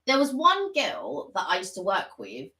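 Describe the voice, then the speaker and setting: A woman co-hosts a relaxed live stream and mostly answers with short, dry one-liners. Her voice is bright and its pitch moves freely. The room sounds echoey. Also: a little slow. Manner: dry quips and short reactions. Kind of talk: casual live-stream chat.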